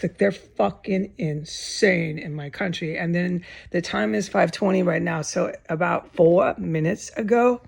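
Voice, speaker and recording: A woman's voice: lowish voice, vocal fry, darkish tone, breathy edge. A woman ranting in an agitated, indignant vlog full of profanity. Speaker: vlogger.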